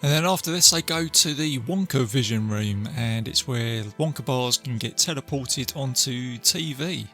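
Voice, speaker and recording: A man's voice: mid-range voice, normal speed, few pauses, pushed and bright, soft background music. A man hosting a podcast, casually retelling a film plot in a rambling way with fillers and restarts. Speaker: podcast host.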